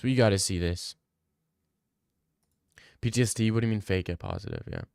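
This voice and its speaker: A man's voice: lowish voice, very animated, normal speed, gravelly, pauses often, a little mellow, clear, resonant tone, dry recording. A man hosting a casual livestream Q&A, arguing bluntly with chat and swearing freely. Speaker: livestream host answering chat.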